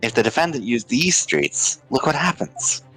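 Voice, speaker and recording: A man voicing an earnest young male defense lawyer, laying out an argument in measured tones. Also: mid-range voice, expressive, fairly bright tone, faint music behind, natural voice, low-quality recording. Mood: explaining. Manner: measured, explanatory courtroom delivery.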